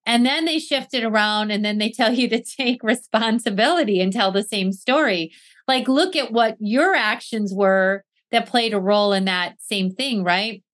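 A woman hosting a podcast, chatting loosely with lots of filler words. Her voice sits high for a woman. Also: normal speed, fairly bright tone. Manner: chatty, full of fillers like "like" and "you know". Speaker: podcast host. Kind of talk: casual podcast conversation.

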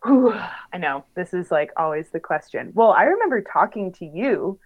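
A woman's voice: lowish voice, big pitch swings, normal speed, muffled recording. A young woman, a professional bike racer, chatting casually in an interview with lots of fillers and laughs. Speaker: pro bike racer guest.

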